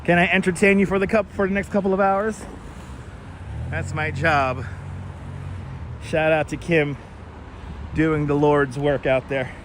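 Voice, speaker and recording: A man hosts a casual live walking-tour stream on a city street, chatting and greeting viewers by name through a wireless clip-on mic. His voice is a little high and bright, with a steady tone and an unhurried pace full of pauses. A faint hiss or hum sits under the audio.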